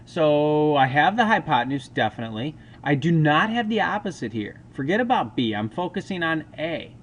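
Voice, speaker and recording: A man walks through a math lesson step by step in a casual, chatty way, with a fairly high voice. Faint background noise sits under the recording. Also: very animated, moderate pace. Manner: talks through steps aloud, casual asides. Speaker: math teacher.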